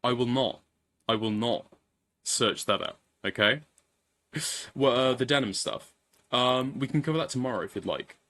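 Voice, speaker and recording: A man's voice: medium pitch, normal speed, long pauses, a bit bright. A man casually commenting on a live stream, swearing and rambling as he repeats himself.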